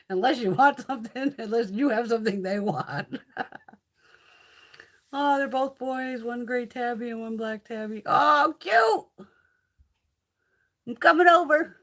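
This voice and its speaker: A woman's voice: fairly high pitch, a little slow, long pauses. A woman hosting a casual livestream, chatting with viewers in a loose, profane way. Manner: chatty, profane, reads and answers viewer comments. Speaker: livestream host.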